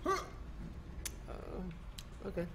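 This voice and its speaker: A man co-hosting a live gaming stream, playful and laughing, putting on mock pilot radio chatter. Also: extremely slow. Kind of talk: casual gaming banter.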